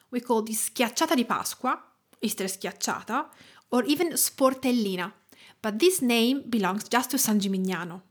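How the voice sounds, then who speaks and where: A home cook from Tuscany, Italy, hosts a cooking podcast, narrating from a script in a careful, storytelling manner. She speaks with an Italian accent, and her voice is a little high with a breathy edge.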